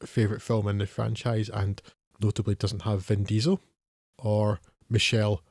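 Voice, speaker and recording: A man's voice: lowish voice, little pitch movement, normal speed, a little mellow, no room sound, clean studio sound. A man co-hosting a film podcast, talking in a wry, hesitant way with many fillers. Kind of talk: casual film discussion.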